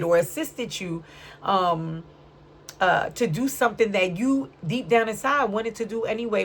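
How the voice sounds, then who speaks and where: A woman's voice: mid-range voice, creaky, slight background noise. A woman giving a casual spiritual card reading, chatty and full of slang, often checking in with "right?". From Puerto Rican, raised in Brooklyn. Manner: chatty, frequent "right?" tag questions; streetwise slang. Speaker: tarot reader.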